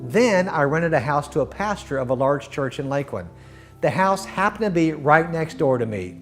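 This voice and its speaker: A middle-aged man telling his personal faith testimony in an earnest, heartfelt way, often dropping to a soft hush at the end of a thought. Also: on the high side, lively intonation, normal speed, soft background music. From Florida. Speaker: guest sharing his testimony.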